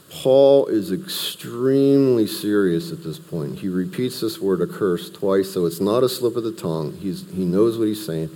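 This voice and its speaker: A man's voice: low voice, normal speed, hardly any pauses, dark tone, in a large hall. A man teaching a Bible study, talking through the text verse by verse in a conversational way with asides and restarts.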